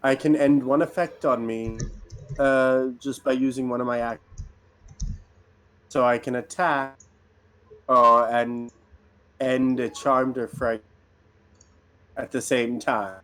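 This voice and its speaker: A man's voice: medium pitch, fairly even intonation, slow pace, long pauses, a bit bright. A man playing in a tabletop game, talking eagerly about his character's rules in casual chat. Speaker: player.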